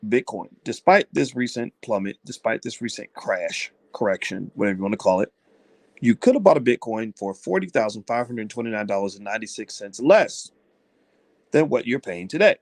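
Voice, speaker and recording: A man's voice: on the low side, no room sound. A middle-aged man giving blunt, conversational commentary on finance to his viewers. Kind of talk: live-stream talk to viewers.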